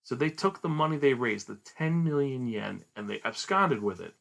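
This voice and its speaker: Brief: male podcast host, mid pitch, gravelly, chatty plot recap. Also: animated, moderate pace, a bit bright. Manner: chatty, retells plot animatedly. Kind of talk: manga review, casual storytelling.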